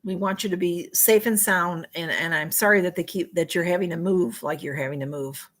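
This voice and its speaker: A woman's voice: lowish voice, brisk. A woman chatting her way through a casual livestream, reading out viewer comments as they come in. She talks in a friendly, rambling way, often apologizing for falling behind the chat. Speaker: livestream host.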